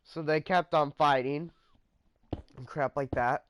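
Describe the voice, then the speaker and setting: A man's voice: on the high side, fairly even intonation, slow, slight background noise. A man casually telling a story about his friends in a rambling vlog, trailing off with fillers.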